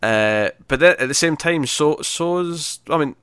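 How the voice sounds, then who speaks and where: A man's voice: fairly high pitch, lively intonation, a little slow, fairly bright tone, clear, resonant tone, no room sound. Dry-sounding man chatting casually. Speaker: podcast co-host. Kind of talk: casual film review chat.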